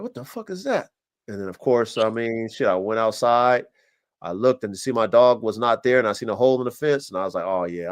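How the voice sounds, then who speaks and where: A man hosting a casual livestream podcast, telling rambling, profane stories with lots of energy. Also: medium pitch. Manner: profane, rambling, animated storytelling. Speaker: podcast host.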